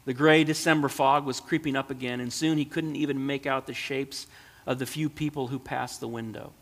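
Earnest male storyteller; gravelly, recorded in a reverberant hall. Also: medium pitch, fairly even intonation, normal speed, fairly bright tone. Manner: earnest, emotional. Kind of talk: reading a children's story aloud, then reflecting.

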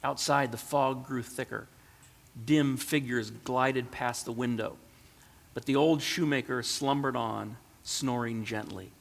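Measured male storyteller in a reverberant hall. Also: medium pitch, steady tone, creaky. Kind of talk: storybook reading.

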